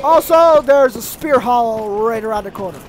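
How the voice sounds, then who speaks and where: A man commentating his own gameplay, cursing often and yelling at enemies in frustration. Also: sits high, normal speed, background noise. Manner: frustrated, swearing, yells at enemies. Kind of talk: let's play commentary.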